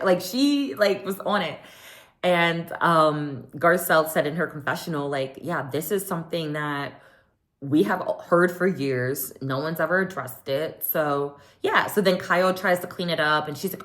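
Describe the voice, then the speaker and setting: A woman hosting a casual, gossipy recap of a reality show, with many ums and likes, getting animated when she quotes the cast. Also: fairly low pitch, normal speed. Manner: gossipy, animated when quoting others, lots of um and like.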